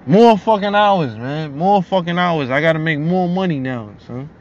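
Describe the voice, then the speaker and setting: A man's voice: on the high side, expressive, normal speed. Frustrated young man venting, lo-fi. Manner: frustrated, profane, repetitive. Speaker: vlogger. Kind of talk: casual venting monologue.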